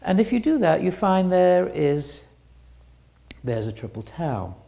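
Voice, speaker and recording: A woman's voice: fairly low pitch, very animated, measured pace, creaky, warm tone, a little hiss or hum. A woman giving an illustrated talk with slides, explaining step by step and often restarting her sentences. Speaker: presenter.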